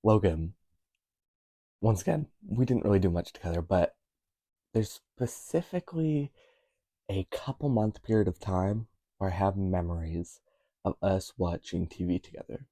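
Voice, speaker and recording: Low-voiced young guy rambling on his vlog, mellow, dry close sound. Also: normal speed, long pauses, no room sound. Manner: rambling, self-correcting, wry asides. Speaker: vlogger.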